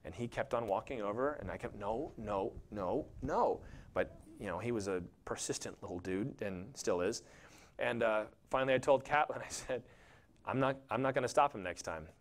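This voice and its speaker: A man's voice: fairly low pitch, normal speed. A man pastor preaching a sermon in a conversational, jokey storytelling way, acting out quotes in little voices. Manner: animated, acts out quotes and voices.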